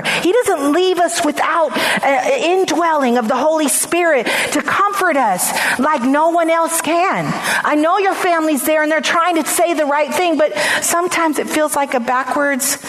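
A woman's voice: high voice, normal speed, a bit bright. A woman pastor giving an earnest radio sermon, stressing points through repeated phrases and often restarting her words. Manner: frequent restarts and stammered repeats.

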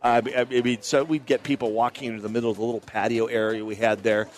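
A man's voice: mid-range voice, steady tone, fast talker. A man hosting a live talk radio show from an outdoor state fair booth, telling stories in a chatty way with many restarts and asides. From Minnesota. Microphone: broadcast mic with headphones.

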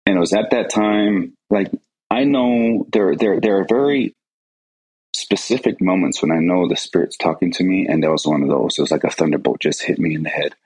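A man's voice: deep voice, moderate pace, darkish tone, husky, low-quality recording. A man earnestly recounting a personal story in an interview, often repeating words as he goes. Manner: earnest, repeats words, acts out quoted voices.

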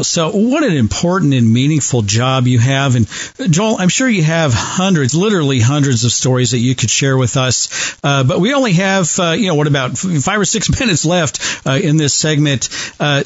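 A man's voice: fairly high pitch, animated, moderate pace, no echo. A man hosting a talk show, asking friendly, rambling questions full of fillers. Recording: dry, dull lo-fi broadcast audio.

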